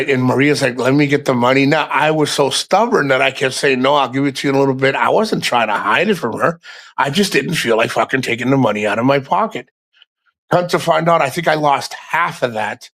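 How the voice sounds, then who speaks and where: Male livestream host, casual chat, blunt and profane, mid-pitched, loose rambling delivery. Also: vocal fry, fairly bright tone. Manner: frank, heavy swearing, rambling asides to the chat.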